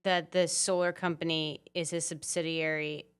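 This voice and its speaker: A woman's voice: low voice, little pitch movement, normal speed, fairly bright tone, clean tone. Wry, sarcastic woman reporter. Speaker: newspaper reporter co-hosting a news rundown. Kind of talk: casual news rundown chat.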